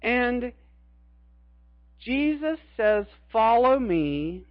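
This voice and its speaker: Earnest high-voiced male preacher, slow. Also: sing-song, no room sound, lo-fi sound. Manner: earnest, emphatic preaching with repeated phrases. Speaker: pastor. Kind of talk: sermon.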